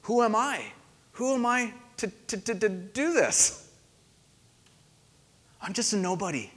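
A man's voice: sits high, sing-song, measured pace, fairly bright tone, full character voice. A man voicing an anxious, doubting prophet who pleads and stumbles over his words, in a sermon. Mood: pleading. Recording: long hall reverb.

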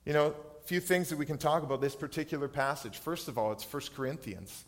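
A man's voice: medium pitch, lively intonation, a little fast. A man in his thirties preaching a sermon as pastor, earnest, personal and reflective. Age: 30s. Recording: long hall reverb.

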